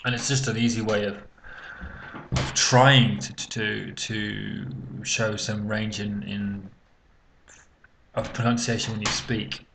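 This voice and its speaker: A man's voice: lowish voice, flat delivery, slow pace, creaky, background noise. A man teaching an English speaking exam lesson, talking unscripted and hesitantly with many fillers and restarts.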